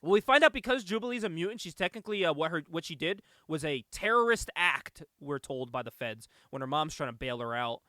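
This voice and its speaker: A man with a high, bright voice recaps a movie in loose podcast chat, his pitch jumping all over the place. He laughs a lot and swears casually, and the sound is dry and close. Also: animated, brisk, hardly any pauses, dry recording. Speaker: podcast host.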